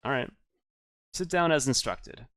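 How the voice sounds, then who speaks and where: A man reads a text adventure aloud for his let's play, mixing the narration with chatty asides. His pitch moves a lot, and the sound is close and dry with no room around it. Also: a little slow, no room sound. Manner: lively, chatty, reading with asides. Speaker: game streamer.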